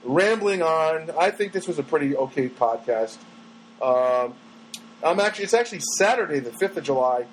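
A middle-aged man talks through his solo podcast in a loose, rambling, self-mocking way. His voice sits high for a man and swoops up and down with animated pitch. A faint hum of noise lies under the recording. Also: normal speed, poor audio. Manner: rambling, self-mocking, breaks into sung snatches. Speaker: podcast host.

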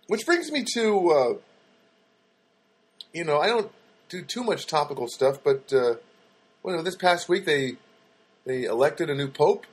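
Husky man rambling through a comic monologue. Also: a little high. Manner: musing, meandering with frequent fillers and self-corrections. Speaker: host of a comedy web show. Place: studio apartment.

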